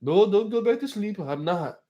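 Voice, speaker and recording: A man's voice: sits high, animated, normal speed, mellow, highs cut off, pitched above the performer's own voice. A man voicing an insistent cab driver who keeps fussing at his passenger. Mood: urging.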